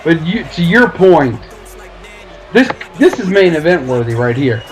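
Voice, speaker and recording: A high-pitched man calling wrestling alongside a partner, relaxed and agreeable. He backs up his co-host in a friendly way. Faint music sits behind him. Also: unhurried, rough recording. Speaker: color commentator. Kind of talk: wrestling commentary.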